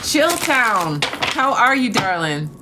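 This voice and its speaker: A woman's voice: on the high side, big pitch swings, slow pace, heavy background noise. A woman chatting live with her viewers, gushing and calling them honey and darling while talking about gratitude and trust. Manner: spiritual talk of gratitude and trust. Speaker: TikTok live streamer. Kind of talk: casual live-stream chat with viewers.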